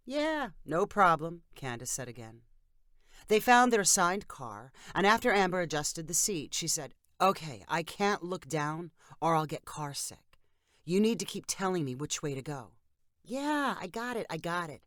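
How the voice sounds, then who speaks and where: A woman's voice: lowish voice, a bit bright, no room sound, clean studio sound. A woman reading a short story aloud, giving the friends and the phone assistant lightly varied voices. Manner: reads all characters in a lightly varied voice. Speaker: narrator. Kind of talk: scripted story narration.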